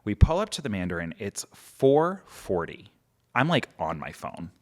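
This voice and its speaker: A man's voice: fairly low pitch, a little slow. A man, a podcast guest telling a story casually and animatedly, acting out quotes. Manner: animated, acts out quotes, many "like" fillers.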